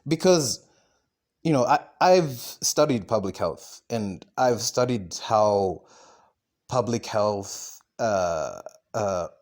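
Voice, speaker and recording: A man's voice: lowish voice, lively intonation, takes it slowly, a little mellow. A man hosting his own podcast, talking alone in a rambling monologue, swearing often, restarting sentences and asking "right?" as he goes. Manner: swearing, many fillers and restarts, asks "right?". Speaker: podcast host.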